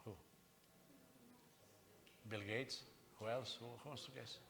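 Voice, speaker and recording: A man's voice: mid-range voice, slow pace, crowd noise. A middle-aged man, preaching a sermon as senior pastor, joking with the congregation and often repeating and restarting his phrases. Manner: animated, joking with the congregation, frequent repetitions and restarts.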